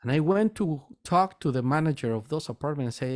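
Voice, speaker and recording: A man who owns a metaphysical store and teaches meditation, telling a personal story in an earnest, halting way and repeating words as he goes. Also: on the high side, expressive, darkish tone.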